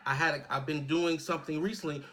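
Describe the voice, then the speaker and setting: A man's voice: fairly high pitch, fairly even intonation, fast, a bit bright. A man in his thirties co-hosting a casual podcast, speaking earnestly and reflectively, often checking in with "right?". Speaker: podcast co-host.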